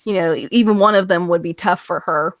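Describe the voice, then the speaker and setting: A woman's voice: lowish voice, fairly quick, no room sound. Chatty woman retelling a story. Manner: animated retelling with filler words and acted quotes. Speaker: podcast co-host. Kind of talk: casual comic-book review chat. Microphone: online call.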